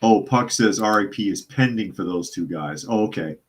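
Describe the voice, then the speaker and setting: A man's voice: fairly low pitch, normal speed, husky. A man hosting a live news podcast, reading out reports and chat comments and answering them with sardonic remarks. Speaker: podcast host.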